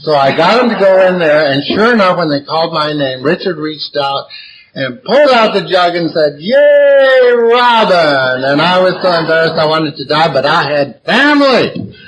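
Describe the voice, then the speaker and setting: A man's voice: a little high, animated, moderate pace, a bit bright, a little hiss or hum, rough recording. A man sharing his recovery story to a meeting crowd, blunt and profane, hammering points with repetition. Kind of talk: recovery talk to a live audience. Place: meeting room before a gathered audience.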